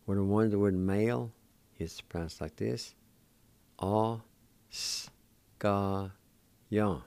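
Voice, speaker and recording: A man's voice: on the low side, normal speed, vocal fry, warm tone, no room sound. A man hosting a radio language lesson, patiently spelling words out syllable by syllable and encouraging his listeners to practice. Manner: encouraging toward learners. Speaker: radio host teaching Cherokee words.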